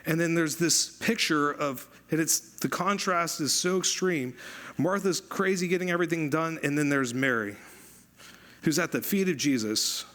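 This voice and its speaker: A man preaching a sermon as pastor, conversational and animated, repeating phrases for emphasis. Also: on the high side, moderate pace.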